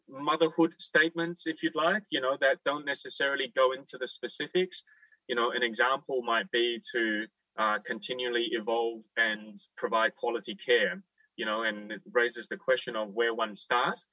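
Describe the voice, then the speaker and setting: A man's voice: medium pitch, bright, forceful tone, no echo, distant mic, poor audio. A man with an Australian accent hosting a radio panel discussion, chatty and upbeat, thinking aloud with plenty of fillers. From Victoria, Australia. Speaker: radio host.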